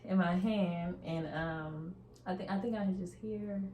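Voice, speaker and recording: A woman, a podcast guest talking in a halting way with many pauses and fillers. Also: on the low side, mellow, a little hiss or hum. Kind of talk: casual chat. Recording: echoey room.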